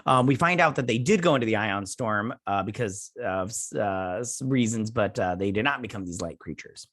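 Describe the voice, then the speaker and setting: A man hosting a review channel recaps an episode in a rambling, hesitant way, using many fillers and restarts and sometimes putting on playful character voices. His fairly low, slightly bright voice has lively intonation and a normal pace, captured in a dry, studio-quality recording.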